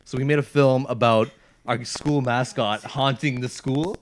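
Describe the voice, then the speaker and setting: A man's voice: medium pitch, fairly even intonation, a little slow, slight background noise. A man co-hosting a podcast, chatting casually with friends and often laughing as he rambles through a story. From Canada. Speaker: podcast co-host. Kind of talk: casual chat among friends.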